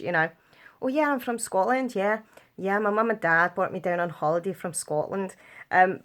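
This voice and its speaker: A young woman talks casually to her viewers, her voice sitting a little low. She rambles from story to story, giggling and filling gaps with ums and likes. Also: fairly bright tone. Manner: chatty, giggly, rambling with lots of fillers. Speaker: vlogger. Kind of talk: casual chat to camera.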